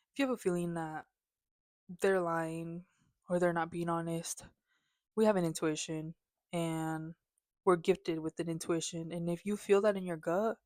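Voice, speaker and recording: A woman's voice: fairly low pitch, dry recording. A young woman vlogging a candid, rambling rant, anxious and close to tears. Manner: candid, rambling, lots of filler words. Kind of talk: casual personal rant to camera.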